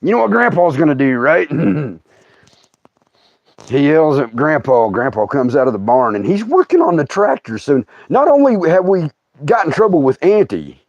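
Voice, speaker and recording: A man's voice: on the high side, very animated, normal speed, darkish tone, no room sound, lo-fi sound. A middle-aged man telling a comic family story, folksy and laughing often as he acts out his relatives. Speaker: storyteller host.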